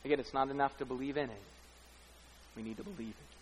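A man's voice: medium pitch, fast talker, a little hiss or hum. A man preaching a sermon as pastor, speaking emphatically, building runs of repeated lines and rhetorical questions. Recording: long hall reverb.

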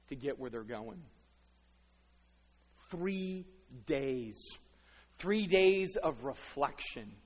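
A middle-aged man preaching a sermon, dramatically acting out inner thoughts with stammering repeats, swinging from hushed to loud. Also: medium pitch, breathy edge. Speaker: pastor. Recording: long reverb of a large hall.

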